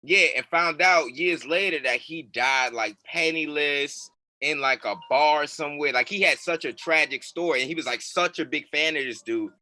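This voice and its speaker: A man's voice: a little high, normal speed, pushed and bright, no echo. A man co-hosting a podcast, telling rambling stories in casual chat. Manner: rambling storyteller, lots of fillers and restarts. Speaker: podcast co-host.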